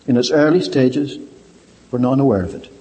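An older man preaching a sermon, telling stories and swinging between quiet low asides and raised, emphatic points. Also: moderate pace. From Ireland. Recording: reverberant hall.

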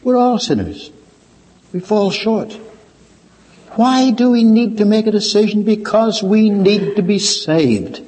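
An older man preaching a sermon, telling stories and swinging between quiet low asides and raised, emphatic points. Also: animated, slow, a little hiss or hum. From Ireland. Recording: reverberant hall.

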